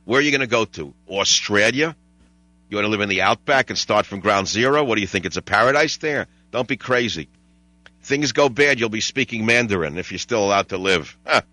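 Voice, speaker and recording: An older talk radio host with a lowish, expressive voice speaks briskly in a bright, forceful tone on a studio microphone with no room sound. He rambles wryly through stories, imitates voices, and jokes around with callers.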